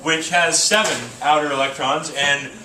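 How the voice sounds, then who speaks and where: A man's voice: on the high side, steady tone, normal speed, far from the mic, background noise. Joking male teacher in a roomy classroom. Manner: casual, joking, thinks aloud with fillers. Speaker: chemistry teacher. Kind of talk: classroom lecture.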